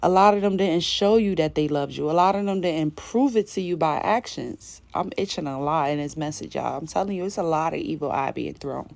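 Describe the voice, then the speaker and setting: Woman spiritual reader, low-ish voice, emphatic casual delivery, dry close sound. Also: fairly quick, gravelly, few pauses, darkish tone, dry recording. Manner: emphatic, repetitive, casual slangy talk. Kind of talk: intuitive spiritual message to viewers.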